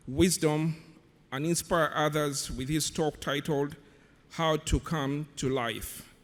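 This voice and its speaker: A man serving as emcee, formally reading out a speaker's introduction in a measured way. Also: on the high side. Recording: long hall reverb.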